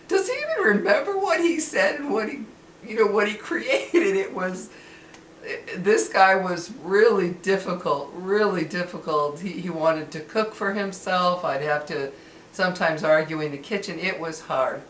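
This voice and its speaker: A woman's voice: lowish voice, normal speed. A woman and former caregiver talking casually and animatedly about a past job, laughing as she tells it. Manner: chatty, animated, laughs while telling. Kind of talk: casual storytelling to camera. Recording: roomy with faint ambient noise.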